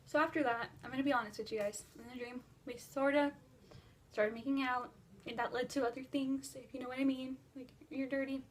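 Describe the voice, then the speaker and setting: A teenage girl vlogger telling a dream story in casual, rambling chat, filler-heavy and animated. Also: sits high, brisk, a little hiss or hum. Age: teens. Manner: breathless and animated while retelling a dream.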